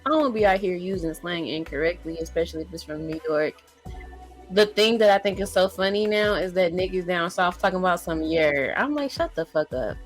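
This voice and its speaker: A woman with a Southern American accent and a somewhat low voice chats on a podcast. She tells stories in slangy, animated talk. Faint music sits behind her. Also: a little fast. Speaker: podcast co-host. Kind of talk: casual chat.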